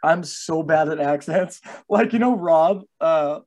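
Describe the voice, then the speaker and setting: A man's voice: fairly high pitch, takes it slowly, darkish tone. Swearing young man hosting a casual podcast. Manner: loose, swearing, laughs at himself. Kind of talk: casual chat.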